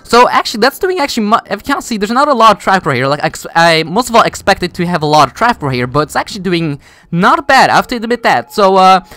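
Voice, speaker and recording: A man's voice: sits high, sing-song, quick pace, bright, forceful tone, no echo. A man giving casual gameplay commentary, rambling with many fillers and restarts while he builds. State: voice cracks. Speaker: gaming YouTuber.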